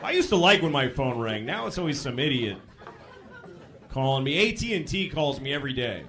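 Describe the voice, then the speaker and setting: A man doing a stand-up routine on stage, ranting loudly to a live audience. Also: mid-range voice, a little fast, a faint crowd. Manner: ranting, loud and animated. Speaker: stand-up comedian. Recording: live show, audience noise.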